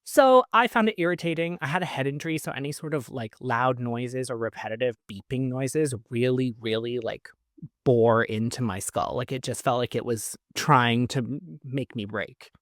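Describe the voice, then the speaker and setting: A man's voice: medium pitch, moderate pace, fairly bright tone, no echo, studio quality. A man from Canada, hosting a podcast and telling a personal story in a chatty way, full of fillers and laughs. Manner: chatty, lots of "like" fillers, laughs between lines. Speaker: podcast host. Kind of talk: casual storytelling.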